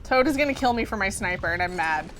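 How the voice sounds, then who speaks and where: A woman's voice: medium pitch, lively intonation, fast, a bit bright, a little hiss or hum. A woman hosting a gameplay stream, playful and chatty while she plays and reads the chat. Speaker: stream host.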